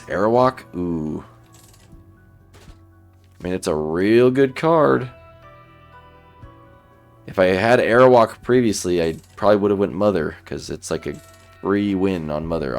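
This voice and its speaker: Gaming commentator, male, very low voice, laid-back running commentary, faint music underneath. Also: gravelly. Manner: relaxed, thinking aloud while playing. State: sleepy, yawning. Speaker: gaming YouTuber. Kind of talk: let's play commentary.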